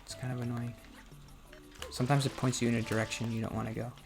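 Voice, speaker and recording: Gravelly young man, rambling over music. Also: mid-range voice, flat delivery, fast talker. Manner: rambling and self-reflective, with soft laughs. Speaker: gaming vlogger. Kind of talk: casual talk while playing a game. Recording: music playing underneath.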